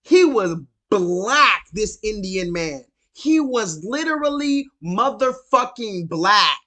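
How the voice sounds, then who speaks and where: A man's voice: high voice, big pitch swings, slow, bright, forceful tone. A man hosting a live call-in stream, ranting and telling a story with emphatic, profane repetition.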